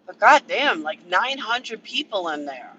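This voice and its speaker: A man's voice: high-pitched, very animated, measured pace, bright, forceful tone, breathy edge, muffled recording. A man ranting casually and profanely on a livestream from a vehicle, answering chat members by name. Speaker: livestream commentator.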